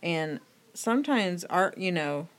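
Woman co-host, slightly low voice, reflective and candid in casual faith chat. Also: animated, slow pace. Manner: reflective, confessional. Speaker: podcast co-host.

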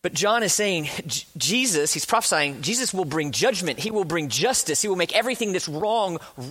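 Earnest male preacher, slightly high voice. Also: lively intonation. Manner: earnest, speeds up and slows down, drops to a hush for emphasis; acts out quoted speakers with rising passion. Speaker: pastor. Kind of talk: sermon.

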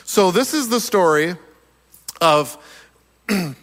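A male preacher with a high voice, slightly hoarse as though he is losing it, gives an animated sermon at a moderate pace. He chuckles between points, and the long reverb of a large hall surrounds him.

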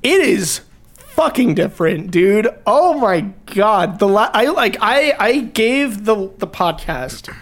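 A young man guest on a casual podcast, telling animated stories full of swearing and laughter. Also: sits high, takes it slowly.

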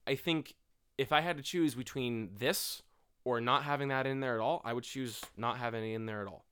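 A man's voice: mid-range voice, fairly quick, fairly bright tone, smooth. A young man co-hosting a podcast, talking casually and profanely, often quoting characters in mocking voices. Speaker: podcast co-host. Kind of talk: casual chat.

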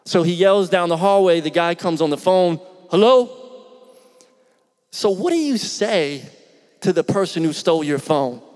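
Higher-voiced pastor preaching in a reverberant hall. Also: male voice, moderate pace. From Philadelphia. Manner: conversational, animated, asks the congregation questions. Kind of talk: storytelling sermon.

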